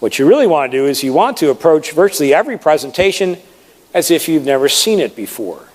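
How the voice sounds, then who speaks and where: A man coaching an audience on presenting, talking in a lively, conversational way and stressing words to make his points. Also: fairly high pitch, fast, long reverb tail. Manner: animated, conversational, demonstrates with emphasis. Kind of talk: live seminar talk.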